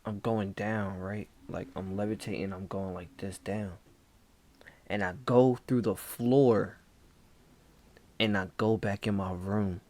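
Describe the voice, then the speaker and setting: Slow, low-voiced man telling a spooky story. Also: steady tone. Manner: laid-back, hushed telling, peppered with "bro". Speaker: vlogger.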